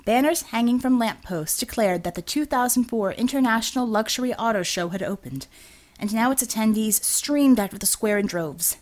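A woman narrating an audiobook with a steady, expressive reading. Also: on the high side, moderate pace. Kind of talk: scripted narration.

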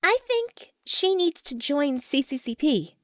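A woman voicing a firm, caring female leader in a storybook, persuasive and steady. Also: sits high, unhurried, dry recording, studio quality, heavily acted.

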